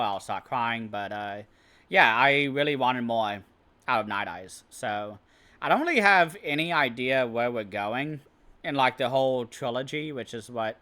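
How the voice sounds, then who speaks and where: Man, casual book review, bright clear tone, hesitant and rambling, mid pitch. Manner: hesitant, rambling, many restarts and "I don't know".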